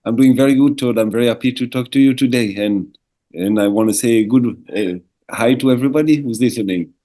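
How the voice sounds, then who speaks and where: A man's voice: mid-range voice, fairly quick, mellow. A middle-aged man with a French accent, a guest speaking earnestly in an interview, with frequent restarts. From France. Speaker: guest, ayahuasca shaman. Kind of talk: casual interview talk.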